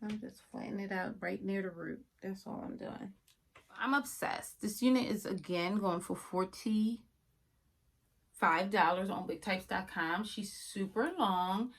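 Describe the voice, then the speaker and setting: A woman casually reviewing a wig for her viewers, chatty and often yelling with excitement. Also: mid-range voice, unhurried. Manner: chatty, addresses viewers as y'all.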